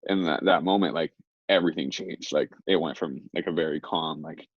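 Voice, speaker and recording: Low, gravelly young man rambling casually. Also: a little fast, dry recording. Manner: rambling, heavy on fillers. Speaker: interview guest. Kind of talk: casual storytelling. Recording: dry, slightly dull lo-fi recording.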